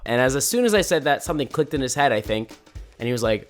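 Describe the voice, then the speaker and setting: A man telling embarrassing stories in a lively, self-deprecating comic style. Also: mid-range voice, fast, soft background music. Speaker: storyteller. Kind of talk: animated storytime narration.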